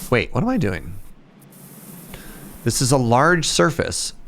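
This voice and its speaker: A man's voice: mid-range voice, sing-song, slow, gravelly, a bit bright, a little hiss or hum. A man live-streaming a game, chatting playfully with his viewers and making jokes. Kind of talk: casual live-stream chat.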